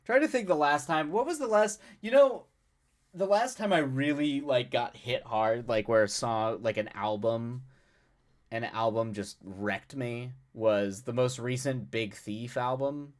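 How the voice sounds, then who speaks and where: A young man hosting a live stream, chatting casually with his viewers, rambling and self-mocking with frequent laughs and restarts. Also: mid-range voice. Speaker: livestream host. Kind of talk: casual chat with chat readers.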